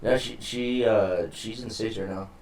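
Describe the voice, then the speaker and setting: A man's voice: fairly low pitch, steady tone, normal speed, crowd noise. A young man chatting on a podcast, swearing freely as he tells a story and acts out the people in it. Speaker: podcast co-host. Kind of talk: casual chat.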